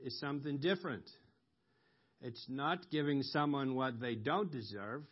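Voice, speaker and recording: A man preaching a sermon, explaining scripture slowly with pauses and ums, rising sharply when he quotes a cry for mercy. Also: mid-range voice. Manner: slow, explanatory, with ums and emphatic rises on quoted cries. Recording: dull lo-fi recording.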